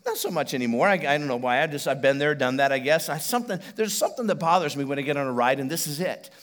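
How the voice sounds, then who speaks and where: Animated man preaching a sermon. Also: fairly high pitch, fast. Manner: animated storytelling, swings from loud to hushed. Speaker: pastor. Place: church stage before a congregation.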